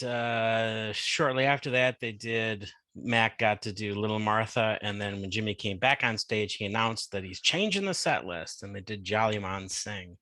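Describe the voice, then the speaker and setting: A man's voice: on the low side, sharp tone, no echo. A male podcast host giving a chatty, casual recap with many fillers.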